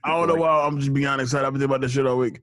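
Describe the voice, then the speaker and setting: A man hosting a casual podcast, excitable and prone to stammering restarts. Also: mid-range voice, very fast. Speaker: podcast host.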